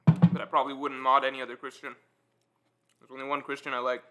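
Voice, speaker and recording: A man's voice: medium pitch, fast talker, noisy background. A man hosting a livestream, chatting casually and self-deprecatingly with his viewers while eating. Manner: relaxed, self-deprecating, reads out chat comments. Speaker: livestream host. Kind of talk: casual chat with live viewers.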